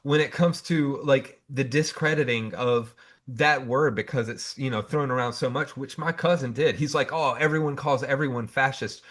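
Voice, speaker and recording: Blunt, profane Southern host. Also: male voice, mid-range voice, a bit bright. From Southern United States. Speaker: podcast host, Marine veteran. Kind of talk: casual podcast interview.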